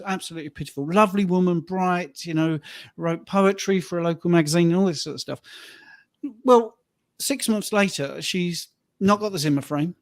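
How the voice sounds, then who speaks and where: A man's voice: high voice, moderate pace, no echo, studio quality. Man telling coaching stories. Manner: anecdotal, gets emotional telling stories. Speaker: fitness and rehab coach. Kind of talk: casual panel chat.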